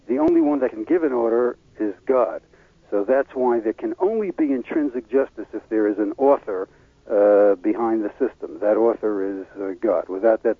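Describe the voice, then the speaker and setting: A man giving an explanatory lecture as a religious teacher, halting often with fillers and restarts. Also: mid-range voice, no room sound. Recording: tinny phone-line radio audio.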